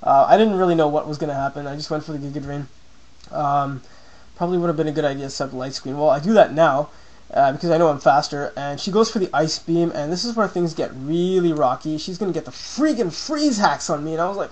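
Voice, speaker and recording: A young man casually commentating a game battle as host of his own channel, voicing his own reactions with sudden excited jumps. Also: on the high side, fast, poor audio.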